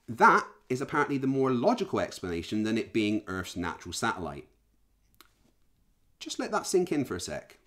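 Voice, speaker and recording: Male host, sarcastic mocking commentary with lots of pitch swing. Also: fairly bright tone.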